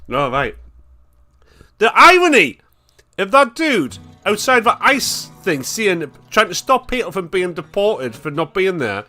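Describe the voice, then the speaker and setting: A man's voice: sits high, sing-song, unhurried, pushed and bright, soft background music. A man hosting a show, reacting to clips in a blunt, sweary, casual commentary, with a cold. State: has a cold.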